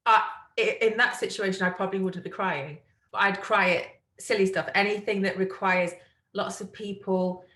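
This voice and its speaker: A woman's voice: medium pitch, fairly even intonation, sharp tone. A woman co-hosting a podcast, emotional and talkative, often checking in with "right?". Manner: emotional, quick, talkative, tags remarks with "right?". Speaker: podcast co-host. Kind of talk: casual chat. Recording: roomy echo.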